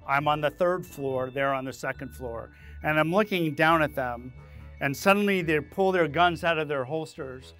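A man hosting his own leadership channel, telling a dramatic personal story to camera in an animated way, acting out his own panicked lines. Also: fairly high pitch, moderate pace, soft background music. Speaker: leadership speaker and channel host.

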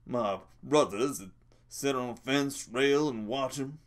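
A lonely, brooding older stable hand, as a man puts him on. He drawls rural speech with stammered starts. His tone is bitter and slow to warm. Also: mid-range voice, pitched above the performer's own voice, natural voice. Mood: wistful.

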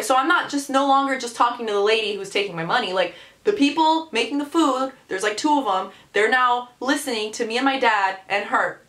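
A young woman vlogger telling a story, animated and exasperated, with lots of "like.". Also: fairly high pitch. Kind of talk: storytime vlog. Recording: echoey room.

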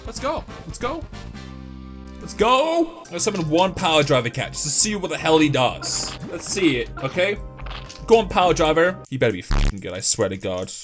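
Animated high-voiced young man ranting over gameplay. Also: moderate pace, over music. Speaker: game commentator. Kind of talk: gameplay commentary.

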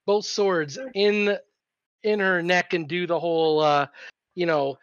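A man's voice: high-pitched, fairly even intonation, takes it slowly, fairly bright tone, smooth, dry recording. A man playing a tabletop game, joking and restarting his sentences as he talks over the others. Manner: joking, restless, many restarts. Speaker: player. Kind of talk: casual tabletop game chat. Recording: dull lo-fi sound, dry.

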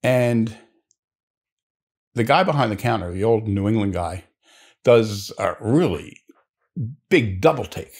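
A man's voice: fairly low pitch, animated, takes it slowly, pauses often, darkish tone, husky. A man telling a long joke story in a leisurely, conversational way, with asides to the listener.

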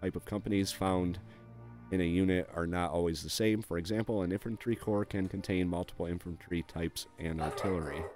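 A man's voice: low voice, fairly even intonation, brisk, a little mellow, soft background music. A man casually walking through a strategy game, reading on-screen text aloud with frequent fillers and dry offhand asides. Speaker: gameplay video host.

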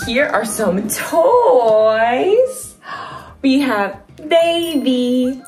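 A young woman hosting a toddler video, talking slowly in a bouncy, playful sing-song with toy sound effects. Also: high-pitched, big pitch swings, faint music behind.

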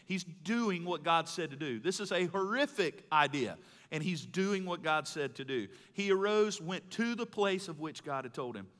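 A middle-aged man from Mississippi, preaching a live sermon in a folksy storytelling way that swings between loud and hushed. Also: on the high side. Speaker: pastor. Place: large church hall. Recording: live hall with long reverb.

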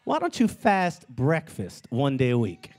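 A man preaching a sermon as pastor of his church, with animated delivery that climbs into shouts. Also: medium pitch, a little slow. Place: church sanctuary.

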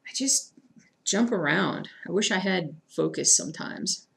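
A woman's voice: lowish voice, animated, unhurried, gravelly, fairly bright tone. A woman chatting casually with her viewers while she stitches, reading their comments and muttering to herself as she hunts for thread. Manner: chatty, self-deprecating, talks to chat, mutters to herself. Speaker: cross-stitch streamer. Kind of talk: casual live-stream chat while stitching.

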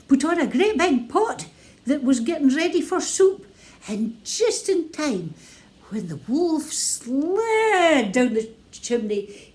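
A woman with a Scottish accent telling a children's story in a playful, expressive way. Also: high-pitched.

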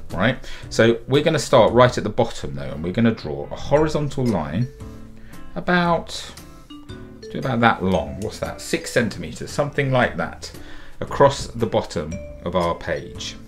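A middle-aged man, a children's author and illustrator, giving a friendly drawing tutorial for kids in a chatty, upbeat way, often doubling words for emphasis. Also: medium pitch.

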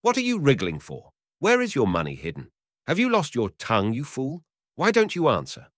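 A man's voice: lowish voice, big pitch swings, moderate pace, no echo, clean studio sound, pitched above the performer's own voice. A man voicing an angry young male hunter who scolds and threatens. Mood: threatening.

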